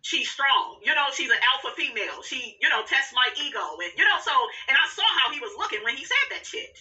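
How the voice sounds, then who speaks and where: A woman commenting on a reality show in a sassy, animated gossip style, laughing often and calling listeners "honey.". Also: high voice, fairly quick, recorded from a distance, lo-fi sound.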